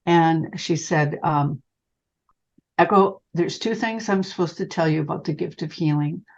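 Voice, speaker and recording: Older lady psychic telling a story, lowish voice, kinda muffled lo-fi sound. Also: a little slow. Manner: animated, calls the listener honey. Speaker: psychic medium guest. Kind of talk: storytelling in an interview. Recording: dull lo-fi sound.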